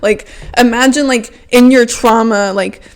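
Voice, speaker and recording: A woman's voice: on the high side, steady tone, unhurried, clean tone. A woman hosting a podcast, talking frankly and emphatically in a casual self-help monologue, with lots of "like" fillers. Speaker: podcast host.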